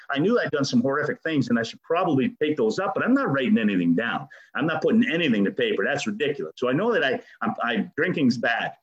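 A middle-aged man giving a lively recovery talk, acting out the dialogue as he tells his story. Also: medium pitch, muffled recording. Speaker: speaker sharing recovery story.

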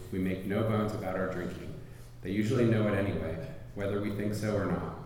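Man, very low voice, steady reader at a meeting; distant mic in a reverberant hall. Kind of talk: reading a text aloud. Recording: distant mic in an echoey hall, faint room noise.

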